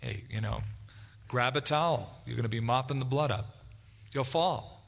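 Bright-voiced preacher in a reverberant hall. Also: male voice, mid-range voice, moderate pace, creaky. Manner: conversational preaching, acts out quoted dialogue. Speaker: pastor. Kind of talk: expository sermon.

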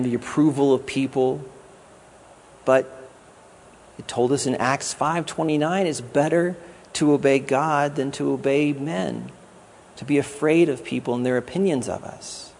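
A guest pastor with a medium-pitched, darkish voice preaches a sermon conversationally, cracking jokes and acting out quotes. There is slight background noise.

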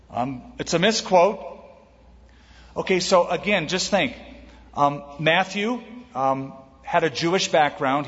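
Man, pastor, sermon, slightly high voice, reverberant hall, dull lo-fi sound. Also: fairly bright tone. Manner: teaching with questions and lists.

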